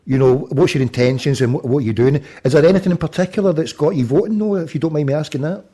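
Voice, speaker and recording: A man's voice: fairly high pitch, quick pace, warm tone. A Scottish man with a Glasgow accent, a radio presenter chatting on a phone-out show, full of stammered restarts and muttered asides. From Scotland. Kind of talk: casual phone-in talk radio.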